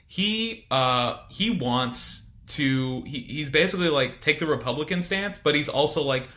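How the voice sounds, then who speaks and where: A man's voice: medium pitch, animated, moderate pace, few pauses, bright, forceful tone. A man teaching a casual recorded history lecture, informal and chatty with frequent asides.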